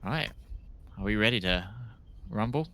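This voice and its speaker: Bright-voiced game master on headset. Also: male voice, lowish voice, expressive, a little slow, gravelly. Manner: easygoing, chatty, laughs often. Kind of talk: casual chat before a tabletop game. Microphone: headset mic on a video call.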